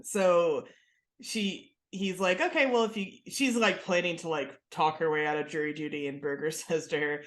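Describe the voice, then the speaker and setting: A woman's voice: deep voice, normal speed, reverberant. A woman in her thirties co-hosting a podcast, telling stories in a chatty way with plenty of fillers and laughs. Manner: chatty storyteller, lots of "like" and laughs. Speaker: podcast co-host. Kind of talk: casual chat.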